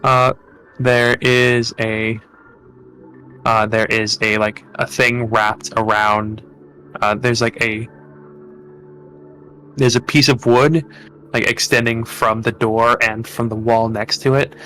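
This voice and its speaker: Halting, bright-voiced male game master. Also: medium pitch, little pitch movement, soft background music. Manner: halting, full of fillers and restarts. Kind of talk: narrating a tabletop game.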